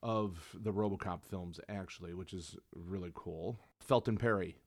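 A man's voice: sits low, fairly even intonation, normal speed. A man co-hosting a podcast, chatting casually and enthusiastically with lots of restarts. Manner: rambling, enthusiastic, frequent restarts. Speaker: podcast co-host. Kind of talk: casual chat.

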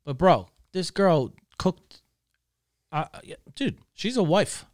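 A man's voice: on the high side, big pitch swings, takes it slowly, a little mellow, no echo, studio quality. A man, a podcast co-host telling a story in casual, profane chat full of "dude" and "bro". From New Jersey.

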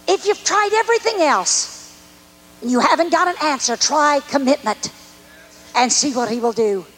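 Very high-voiced older woman preacher. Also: expressive, normal speed, a bit bright, low-quality recording. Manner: emphatic, repetitive preaching cadence that swings between high and low. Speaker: evangelist preacher. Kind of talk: sermon testimony.

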